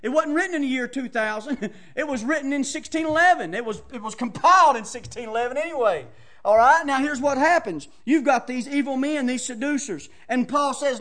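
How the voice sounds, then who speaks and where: A man preaching a fiery sermon, swinging from shouts to hushed tones in folksy phrasing. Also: very high voice, a little fast. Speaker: pastor.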